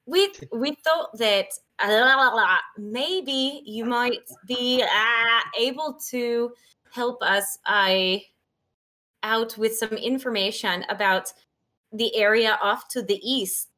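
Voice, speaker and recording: A woman's voice: fairly high pitch, takes it slowly, pushed and bright. A woman playing a tabletop game, hesitant and giggly as she talks. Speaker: player. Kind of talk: casual chat at a game table.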